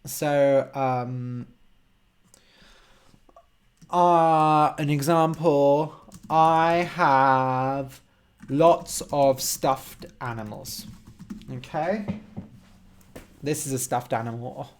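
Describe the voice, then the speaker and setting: A man's voice: mid-range voice, a little hiss or hum. A man teaching English on a live stream, explaining words patiently and checking in with frequent "okay?". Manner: slow, simple, encouraging explanations with frequent "okay?". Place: home room.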